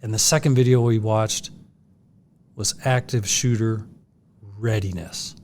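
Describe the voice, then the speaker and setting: A man co-hosting a podcast, summing up points in a measured, steady way. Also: fairly low pitch, slight background noise. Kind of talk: casual podcast discussion.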